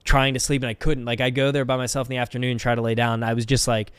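Young man, musician guest, rambling candid storytelling, smooth resonant voice, dry close sound. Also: mid-range voice, flat delivery, racing, no room sound. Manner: rambling, filler-heavy, candid. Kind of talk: casual interview storytelling.

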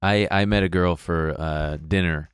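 A man's voice: low voice, measured pace, smooth, no room sound, clean studio sound. A man chatting casually, cracking jokes and telling a dating story with quoted voices. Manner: joking interjections and animated storytelling with impressions. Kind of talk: casual podcast chat.

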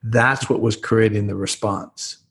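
A man's voice: lowish voice, fairly even intonation, a little slow. A man talking as an interview guest, explaining earnestly and acting out the lines he quotes. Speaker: guest, trauma expert. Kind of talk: podcast interview.

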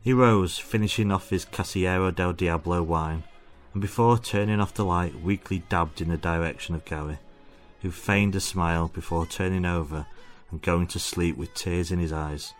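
A man reading a comic story aloud in a mock-solemn, deadpan way. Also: low-pitched. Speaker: guest reader.

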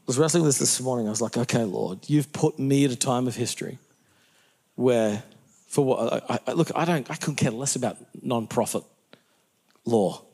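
Animated Australian pastor, preacherly. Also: male voice, medium pitch, creaky, breathy edge. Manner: animated, self-interrupting, laughs at own jokes. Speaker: pastor, guest. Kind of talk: conversational interview answers, preacherly.

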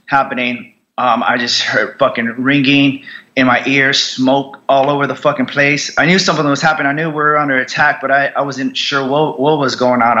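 Profane, halting American veteran man. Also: mid-range voice, bright, forceful tone, muffled recording. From United States. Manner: raw, profane, halting with many restarts. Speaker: podcast guest, combat veteran. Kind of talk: candid storytelling interview.

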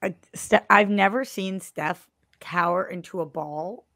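A woman co-hosting a podcast in casual chat, telling a story in a lively, animated way. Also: mid-range voice, a little slow, no room sound, studio quality. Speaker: podcast co-host.

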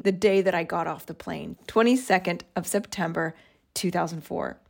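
A woman's voice: fairly low pitch, fairly quick, vocal fry. Woman reading her old journal. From United States. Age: 40s. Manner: earnest, self-mocking, laughs at her younger self. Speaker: podcast host. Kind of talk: reading old journal entries aloud with commentary.

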